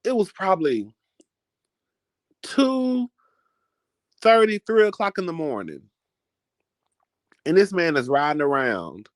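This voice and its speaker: A man's voice: on the high side, very animated, slow, pauses often, no echo, studio quality. A man vlogging in a casual, chatty storytelling style, dramatic and full of asides. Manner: chatty, dramatic, keeps calling listeners "girl".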